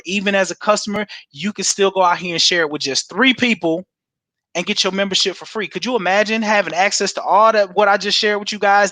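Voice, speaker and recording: Fired-up, high-voiced man preaching a pitch. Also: bright, forceful tone, dry recording. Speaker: guest presenter. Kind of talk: energetic sales pitch on a livestream.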